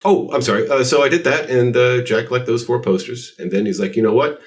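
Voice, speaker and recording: A man's voice: medium pitch, brisk. A man guest on a podcast interview, telling rambling, self-deprecating stories. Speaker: guest artist. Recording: voice distant from the mic.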